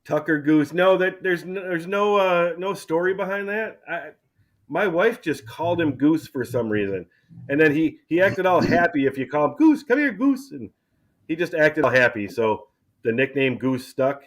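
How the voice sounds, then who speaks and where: A middle-aged man hosting a casual chat, relaxed and chatty, often repeating words as he starts a thought. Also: fairly high pitch, normal speed. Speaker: channel host.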